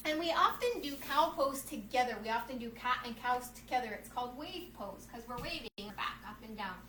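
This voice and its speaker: An animated woman with a fairly high, fairly bright voice reads a storybook at a brisk clip while guiding children through yoga poses at home. This kids' yoga instructor is upbeat and encouraging, calling the children "friends." The recording is roomy from a distant mic, with faint ambience and a little hiss or hum.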